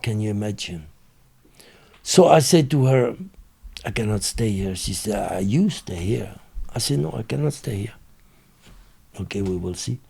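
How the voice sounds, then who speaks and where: Interview guest: man with a French accent, husky and gravelly, with a dark tone, halting broken English. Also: fairly low pitch, expressive. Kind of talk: casual storytelling.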